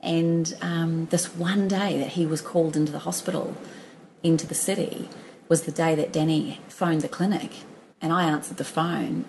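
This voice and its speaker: A woman's voice: low-pitched, fairly even intonation, normal speed, vocal fry, darkish tone, a little hiss or hum, rough recording. A middle-aged woman telling her own story as a podcast guest, chatty and laughing, with many restarts and fillers. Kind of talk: storytelling in a conversational interview.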